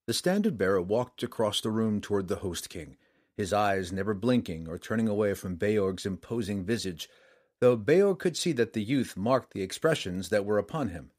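A man reading a saga aloud in steady, measured scripted narration. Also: fairly low pitch.

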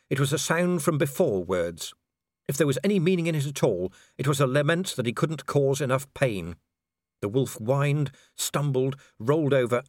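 A man's voice: medium pitch, no room sound, clean studio sound. A man narrating an audiobook with dramatic storytelling and character voices. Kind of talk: scripted narration.

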